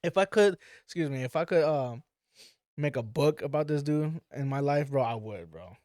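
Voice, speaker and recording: A man's voice: on the high side, normal speed, no echo, clean studio sound. A man telling a story as a podcast guest in a loose, profane way, voicing the people in it. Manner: animated, profane, acts out quoted voices. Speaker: father of daughters. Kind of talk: casual storytelling.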